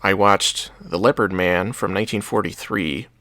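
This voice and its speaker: Low-voiced man rambling about movies. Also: normal speed, bright, forceful tone, no echo, clean studio sound. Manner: rambling, hesitant, fillers and restarts. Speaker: podcast co-host. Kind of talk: casual movie chat.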